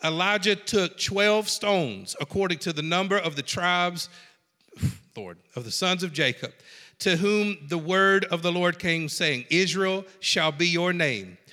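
A man preaching a sermon in a folksy, animated way, swinging from hushed lines to shouts. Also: sits high, big-room sound. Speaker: pastor.

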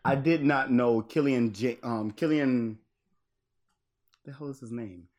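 A man's voice: mid-range voice, a little slow, darkish tone. A man co-hosting a casual chat show, rambling, searching for names and laughing often.

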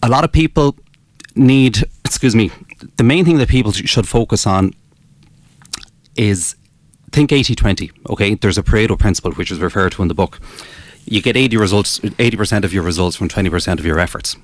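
A man, a business author interviewed as a guest, explaining his ideas in a measured way with frequent restarts. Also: lowish voice, dry recording. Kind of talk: radio interview.

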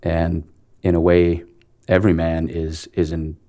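Earnest guy in his 40s with a really low voice, stumbles and restarts a lot while telling a story. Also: flat delivery, a little slow, dark tone. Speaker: actor guest. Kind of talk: conversational storytelling interview.

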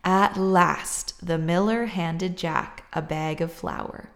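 A woman hosting a book podcast, reading a picture book aloud in a gentle, measured way and chatting. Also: on the low side, vocal fry. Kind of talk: storybook read-aloud and casual chat.

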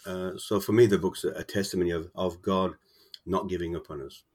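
Deep husky man telling his testimony. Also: steady tone, a little mellow. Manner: halting, repeats words, earnest and emotional. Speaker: author guest. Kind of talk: casual interview, personal testimony.

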